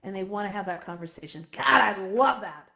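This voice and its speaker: A woman's voice: mid-range voice, animated, brisk, vocal fry, bright, forceful tone. A woman giving a heartfelt, emotional talk to a virtual reality community, speaking effusively and close to tears at times.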